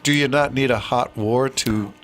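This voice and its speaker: A man's voice: mid-range voice, normal speed. Quippy male podcast co-host, music behind. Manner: quippy, playful banter. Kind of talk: casual chat.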